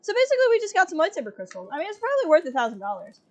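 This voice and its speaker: A woman's voice: extremely high pitch, wildly swooping pitch, racing, a little mellow, dry recording. A young woman streamer, chatty and playful, commenting on a video game live.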